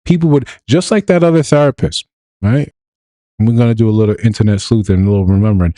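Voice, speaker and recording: Man, very low voice, dark tone, blunt livestream commentary, dry sound. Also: fast, dry recording. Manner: blunt, animated, mimics others in quotes. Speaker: streamer and commentator.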